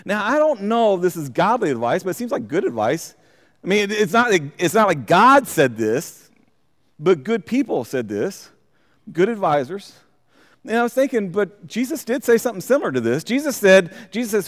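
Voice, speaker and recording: A man with a slightly raised voice leads a Bible study, reading passages and then explaining them in a halting way, often stopping to restart his sentences. His voice rings out with a long hall reverb behind it. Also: high voice, very animated. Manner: halting, repeats words, reads scripture aloud and comments. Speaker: Bible teacher. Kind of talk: verse-by-verse Bible study teaching.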